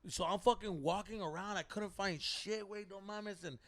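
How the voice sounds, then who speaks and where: A man telling a story on a podcast, animated, swearing often and mixing slang into his English. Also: high-pitched, moderate pace, dry recording. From Mexico. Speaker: podcast co-host. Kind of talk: casual storytelling chat.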